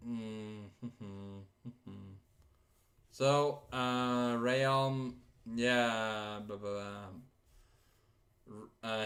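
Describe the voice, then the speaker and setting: Guy rambling about football on his channel, super slow, umming a lot, mid pitch. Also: fairly bright tone. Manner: slow, hesitant, many fillers and pauses. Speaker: football vlogger. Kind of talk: casual unscripted commentary.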